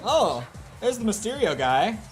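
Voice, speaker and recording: A man's voice: high voice, sing-song, measured pace. A man streaming a video game, chatting casually and swearing now and then. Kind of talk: casual gameplay commentary. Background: game music.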